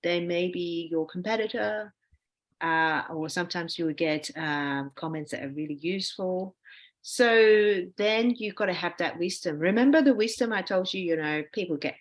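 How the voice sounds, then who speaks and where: A woman professor as a podcast guest, giving reflective advice in a relaxed conversational way, often saying "you know". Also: fairly low pitch, moderate pace. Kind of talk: conversational interview answers.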